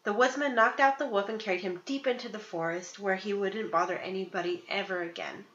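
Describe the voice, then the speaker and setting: A woman reading a fairy tale aloud in a clear, steady storybook narration. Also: mid-range voice, fairly quick, roomy sound, muffled recording.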